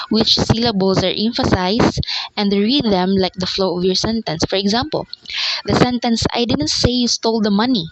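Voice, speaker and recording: A woman's voice: mid-range voice, muffled recording. Woman giving an explanatory class report. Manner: explanatory, repeats and self-corrects. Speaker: student presenter. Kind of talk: class report on speaking skills. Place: online class.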